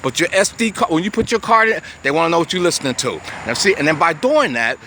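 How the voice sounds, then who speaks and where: A man's voice: a little high, very animated, fast, sharp tone. A man, ranting profanely to the camera in a rambling way, stumbling over repeated words. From United States. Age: 60s. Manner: profane, rambling, repetitive stammering restarts. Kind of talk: agitated rant to camera. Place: outdoors on a city street. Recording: faint street and traffic noise. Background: traffic noise.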